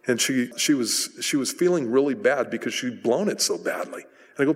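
A middle-aged man preaching a sermon as pastor, telling stories in a relaxed, conversational way with frequent restarts. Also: medium pitch, fairly quick, hardly any pauses, breathy edge. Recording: long hall reverb.

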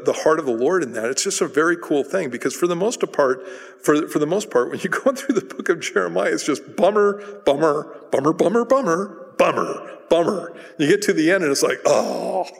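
A middle-aged man preaching a sermon as pastor, telling stories in a relaxed, conversational way with frequent restarts. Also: on the high side, creaky. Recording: long hall reverb.

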